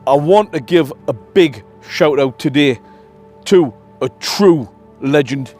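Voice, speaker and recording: Upbeat middle-aged vlogger, a touch high-pitched, friendly slangy campfire chat. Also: male voice, expressive, slow pace, faint music behind. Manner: chatty, upbeat, full of slang and shout-outs. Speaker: camping vlogger. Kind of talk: casual chat to camera by a campfire. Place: outdoors at a campfire at night.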